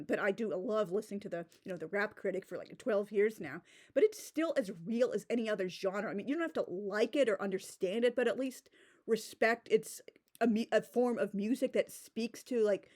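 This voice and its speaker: A woman's voice: mid-range voice, normal speed, darkish tone. A woman giving a casual, exasperated critique of a book, talking loosely with many fillers and restarts. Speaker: book reviewer.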